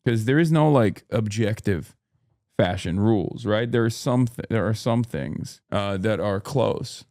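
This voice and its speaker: A man's voice: medium pitch, a little mellow, no echo. Blunt, profane male streamer, dry sound. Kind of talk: casual livestream chat.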